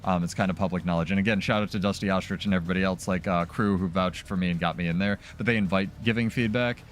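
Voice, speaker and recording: A man's voice: deep voice, steady tone, quick pace. A man talking casually as a streamer during live gameplay, loose and chatty with many fillers.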